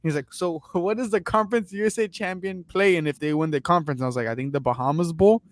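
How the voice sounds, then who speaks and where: A man with a fairly high voice spinning a profane story on a casual sports podcast, acting out both sides of a conversation with his brother. The recording is close and dry. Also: quick pace, no echo. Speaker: podcast co-host.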